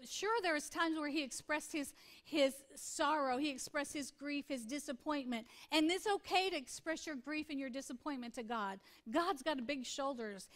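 Woman pastor giving a sermon, high voice, chatty and earnest, says things twice. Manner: conversational, earnest, repeats for emphasis.

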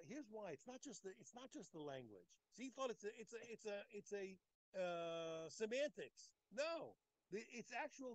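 A man teaching a daily Talmud class, animated and talking in quick restarts, repeating phrases as he works through the text. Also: high voice, no echo, low-quality recording. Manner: animated, repeats phrases, acts out the text's speakers. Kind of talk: daf yomi Talmud class.

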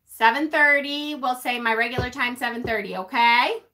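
A woman's voice: a little high, normal speed, pushed and bright, slight background noise. A woman from North Carolina hosting a casual live stream, chatting with viewers and teasing them, laughing often. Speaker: witchy livestream host. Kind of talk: casual live-stream chat reading comments.

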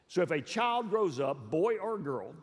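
A man's voice: a little high, sing-song, measured pace, husky. A middle-aged male pastor preaching a sermon in a church hall, earnest and emphatic, repeating phrases for effect. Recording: long reverb of a large hall.

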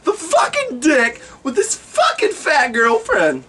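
A man with a very high-pitched voice speaks slowly in a comic storytelling vlog, cursing freely and animatedly acting out the people in his stories. He sits far from the mic, and there's a faint hiss or hum.

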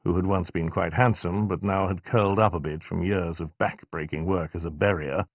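A man narrating a fantasy novel in a measured, expressive reading. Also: deep voice, no room sound, highs cut off. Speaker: audiobook narrator. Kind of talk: scripted narration.

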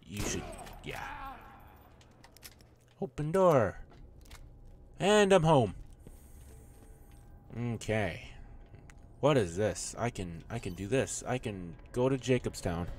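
A man's voice: mid-range voice, a little mellow. A man playing a video game and joking through it, swearing and talking back at the characters. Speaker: gamer. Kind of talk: let's play commentary.

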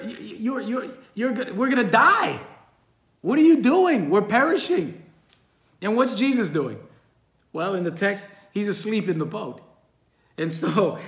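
Earnest man teaching the Bible, echoey room. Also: on the high side. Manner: earnest and encouraging, addresses listeners as friends.

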